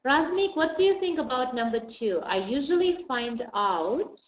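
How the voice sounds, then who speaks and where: A woman's voice: high-pitched, big pitch swings, moderate pace. Patient, encouraging female English teacher; dull, echoey recording. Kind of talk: online class lesson. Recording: dull roomy recording with faint noise.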